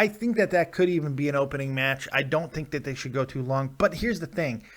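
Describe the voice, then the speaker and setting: A man's voice: mid-range voice, fairly bright tone. A man hosting a wrestling preview stream, rambling and joking as he talks straight to his viewers. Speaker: wrestling vlogger. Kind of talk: casual live-stream commentary.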